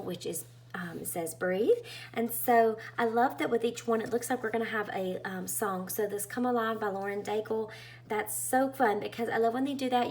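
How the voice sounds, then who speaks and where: A woman chatting casually as she unboxes a craft kit, gushing and full of fillers. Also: medium pitch. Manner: bubbly and gushing, with many fillers. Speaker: craft vlogger.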